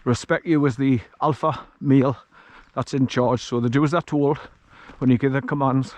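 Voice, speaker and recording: A man's voice: medium pitch, steady tone, normal speed, darkish tone. A man chatting casually as he walks a countryside track with his dog, rambling and chuckling often, recorded on an action camera outdoors. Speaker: vlogger walking his dog. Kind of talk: casual walk-and-talk narration. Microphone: action camera carried while walking.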